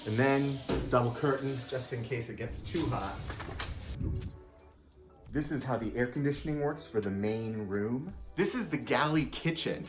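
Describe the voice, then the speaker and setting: A man's voice: mid-range voice, measured pace. An upbeat man from Louisiana walks the camera through a small house, chatting casually and cracking jokes. His voice sits in a middle register, with faint music playing underneath. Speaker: vlogger touring a backyard unit. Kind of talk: casual walkthrough tour. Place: small unit indoors and out, backyard.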